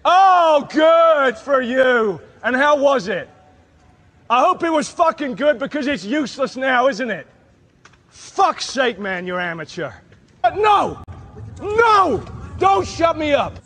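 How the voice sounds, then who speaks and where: A man's voice: very high voice, very animated, slow, heavily acted. A man putting on a screeching furious director. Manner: ranting, swearing, yelling.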